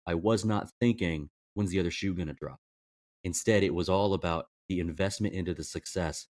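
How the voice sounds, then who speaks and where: Man, podcast co-host, very low voice, halting thinking-aloud talk, dry close sound. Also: a little mellow, no room sound. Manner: hesitant, many restarts, laughs easily. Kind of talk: casual film discussion.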